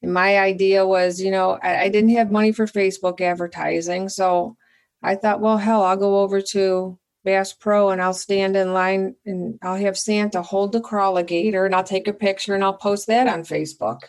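A middle-aged woman talks as the guest on a relaxed interview, spinning an anecdote with excitable energy. Her voice sits at an ordinary middle pitch. She acts out her own past remarks as she goes. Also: moderate pace. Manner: animated, excitable storyteller who acts out her own lines. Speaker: company founder, guest. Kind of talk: casual interview storytelling.

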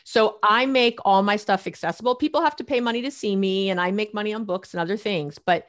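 Middle-aged woman therapist, guest on a show; lively, laughs a lot, plays out her clients' voices. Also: mid-range voice, a little fast. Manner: animated, laughs often, acts out clients' lines. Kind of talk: casual interview talk.

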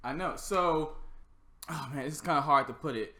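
A man's voice: fairly high pitch, normal speed, sharp tone. A man in casual chat, joking but hesitant, often searching for words.

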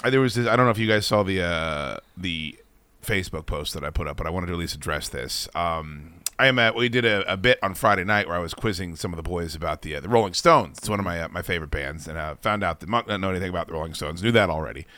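A low-pitched, fast-talking man hosts a radio talk show, chatting casually and venting animatedly with plenty of swearing. The recording has no room sound, and the talk mixes casual chat with ranting.

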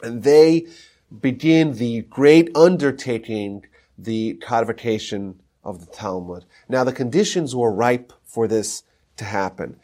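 A man's voice: medium pitch, measured pace, dark tone. A man giving a podcast lecture on Talmud history, teaching emphatically and mixing in Hebrew terms.

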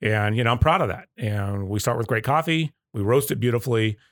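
A coffee company leader from the Southern United States is a guest on a casual podcast interview, telling stories and acting out customer quotes. His medium-pitched voice is animated and fairly quick, with clean studio sound and no room noise.

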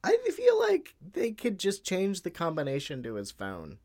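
A man's voice: sits high, huge pitch swings, moderate pace, darkish tone. A man chatting on a podcast, rambling and joking, sometimes losing his thread. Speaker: podcast guest. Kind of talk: casual political chat.

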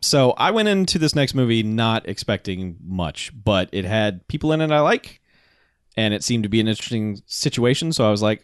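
A man's voice: lowish voice, big pitch swings, moderate pace, clear, resonant tone, no room sound, studio quality. A man co-hosting a podcast, reviewing a film in rambling, profane, enthusiastic chat. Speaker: podcast co-host. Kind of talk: casual movie review chat.

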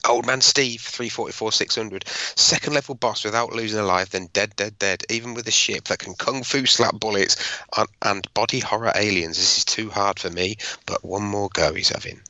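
Gravelly, bright-toned man joking around. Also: lowish voice, moderate pace, few pauses, dry recording, poor audio. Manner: jokey, goofs around with silly voices and laughs. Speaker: podcast co-host. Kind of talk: casual banter reading listener scores.

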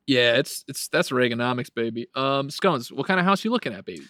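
Male host, casual podcast banter, teasing and playful, very lively pitch, dry close sound. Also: fairly quick, no room sound. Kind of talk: casual chat.

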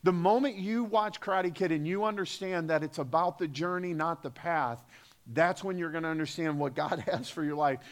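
A man preaching a sermon as pastor, emphatic, with rhetorical questions and repetition. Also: on the high side. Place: church sanctuary.

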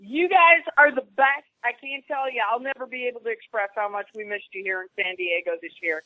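A woman's voice: fairly high pitch, brisk, no echo. A woman calling in as a guest, chatting casually and laid-back, saying "man" and "dude". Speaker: phone-in guest. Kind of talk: casual chat. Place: hotel room at a convention. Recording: tinny phone line.

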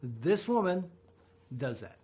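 A middle-aged man co-hosting a radio talk show, telling a story with animated quotes. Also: high-pitched, slow, breathy edge. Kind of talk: casual storytelling chat.

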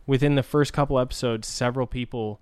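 A man's voice: medium pitch, fairly even intonation, quick pace, a little mellow, clear, resonant tone, no echo. A man hosting a casual, crude podcast, telling stories animatedly, swearing often and laughing a lot. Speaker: podcast host.

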